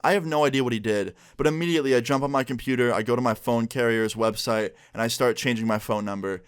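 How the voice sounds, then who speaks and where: Smooth-voiced young man telling a story. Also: medium pitch, fast talker, no room sound, studio quality. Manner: chatty, animated retelling with many fillers. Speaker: vlogger. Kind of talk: casual story time.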